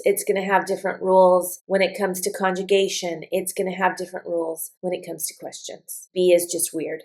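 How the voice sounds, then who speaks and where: Female English teacher, low-ish and gravelly voice, patient explanatory lesson delivery. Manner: explanatory, repeats phrases for emphasis. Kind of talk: vocabulary lesson.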